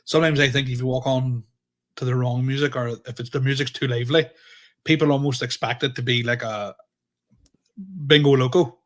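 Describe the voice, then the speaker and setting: A young man co-hosting a comedy podcast, laughing often and talking in a halting, casual way. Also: mid-range voice, fairly even intonation.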